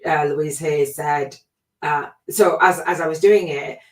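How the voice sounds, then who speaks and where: A woman's voice: low-pitched, steady tone, measured pace, recorded from a distance. A middle-aged woman hosting a spiritual coaching podcast, talking in a chatty, reflective way with lots of fillers. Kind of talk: casual spoken monologue. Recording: echoey room, voice away from the mic.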